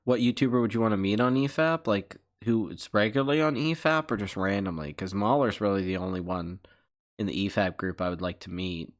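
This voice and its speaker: A man's voice: fairly low pitch, a little fast. A man hosting a casual livestream, rambling through chat questions with profane joking accusations. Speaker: channel host.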